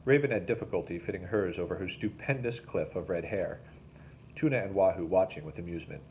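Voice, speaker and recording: A male teacher reads a novel aloud to his class at a fairly quick pace, his low voice giving steady, plain narration with the occasional restart. The recording sounds slightly dull, with a faint hiss in the background.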